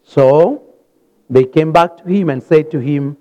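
Slow, animated African-born preacher. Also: male voice, fairly high pitch, poor audio. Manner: lively, animated retelling with sudden loud rises and soft drops. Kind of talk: sermon. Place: church hall.

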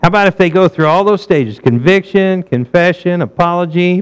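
Brief: male pastor, fairly high voice, chatty sermon full of rhetorical questions. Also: normal speed, hardly any pauses, smooth, rough recording. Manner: conversational, asks the congregation rhetorical questions.

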